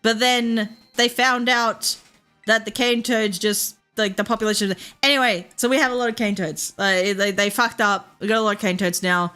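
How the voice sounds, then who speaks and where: While streaming a game, an Australian woman chats loosely, swearing often and laughing through her stories. Her medium-pitched voice is bright and clear, fairly even and at normal speed, with soft game music playing quietly behind.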